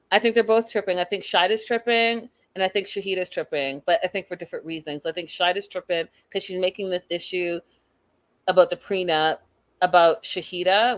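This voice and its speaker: A woman's voice: lowish voice, no room sound. A young adult woman hosting a show, recapping a reality episode in casual, opinionated talk and acting out quotes. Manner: animated, opinionated, acts out quotes.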